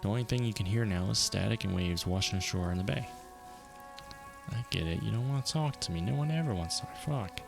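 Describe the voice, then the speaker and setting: A man streaming a video game, reading its narration aloud and reacting with quick casual asides. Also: fairly low pitch, gravelly. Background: game music.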